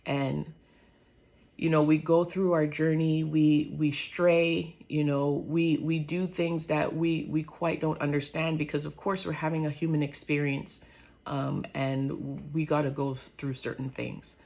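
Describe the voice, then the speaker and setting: Woman, low register with vocal fry; earnest, halting faith testimony. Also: level tone, darkish tone. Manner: earnest, halting, many fillers. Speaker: speaker sharing a faith testimony. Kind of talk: reflective personal monologue.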